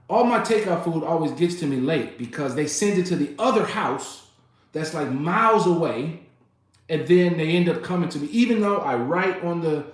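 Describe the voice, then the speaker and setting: Exasperated man with an echoey room sound. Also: a little high. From United States. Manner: animated, exasperated, yells when reenacting arguments; colloquial, double negatives. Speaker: vlogger. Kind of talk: casual storytelling rant. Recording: very echoey room with music behind.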